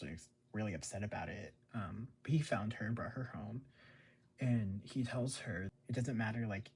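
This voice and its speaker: A man's voice: on the low side, husky. A man casually recapping a TV episode, rambling with lots of fillers. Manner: rambling, filler-heavy, chuckles often. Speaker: show recap host.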